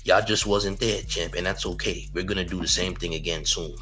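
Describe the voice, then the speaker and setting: Young male livestream host, low voice, punchy and cocky, repeats himself, laughs at his own jabs. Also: fairly even intonation, fairly quick, pushed and bright. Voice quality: boastful, trash-talking. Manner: repeats phrases, laughs between lines. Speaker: YouTube commentary host. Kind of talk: livestream commentary with chat.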